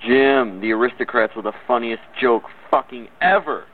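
A man's voice: medium pitch, moderate pace. A man leaving a casual, enthusiastic voicemail for a podcast. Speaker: caller. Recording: tinny phone voicemail with hiss.

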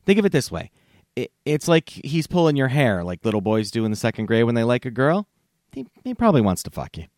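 A man hosting a comedy podcast, animated and laughing, with casual swearing. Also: medium pitch, brisk, dry recording, studio quality. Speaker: podcast host.

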